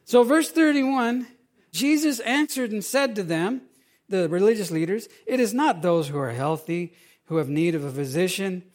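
A middle-aged man, a pastor, preaching a sermon in an animated, conversational way, asking his audience questions. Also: sits high, moderate pace.

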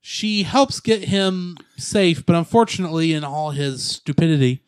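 A man co-hosting a casual movie podcast, retelling the plot with jokes and quick asides. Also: on the high side, animated, clean tone, no echo. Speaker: podcast co-host. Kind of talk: casual movie recap chat.

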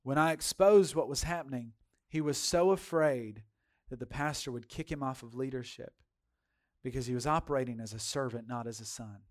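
A male pastor preaching a sermon in a folksy, animated storytelling style, speaking straight to his congregation and swinging from loud to hushed. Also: mid-range voice, normal speed. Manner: folksy, addresses congregation directly.

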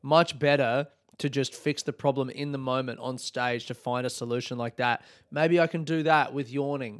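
A man's voice: mid-range voice, steady tone, moderate pace, few pauses. A man hosting a solo podcast, talking loosely and rambling, swearing freely and yawning now and then. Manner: yawns often mid-talk. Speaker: podcast host. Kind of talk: solo casual podcast monologue.

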